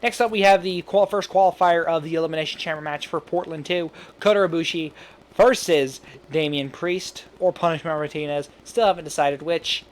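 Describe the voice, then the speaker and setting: A man casually talking through an imagined wrestling show, rambling with quick asides and laughing at his own jokes. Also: fairly high pitch. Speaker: fantasy booking commentator. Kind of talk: casual solo commentary.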